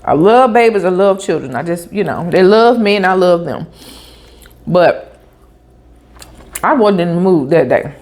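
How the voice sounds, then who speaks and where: A woman vlogger, telling a story in a chatty, animated way with asides like "honey" and "baby" while she eats. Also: lowish voice, unhurried, pauses often. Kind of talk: casual storytelling while eating.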